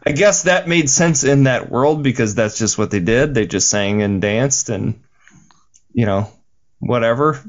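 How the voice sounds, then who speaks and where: A man's voice: mid-range voice, expressive, unhurried, highs cut off. Enthusiastic man, casual movie chat. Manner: enthusiastic, casual, swears, stammers. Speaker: podcast co-host.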